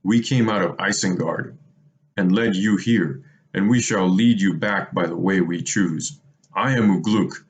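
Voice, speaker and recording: Man doing a growling orc captain, deep, blunt, commanding. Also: measured pace, dull audio.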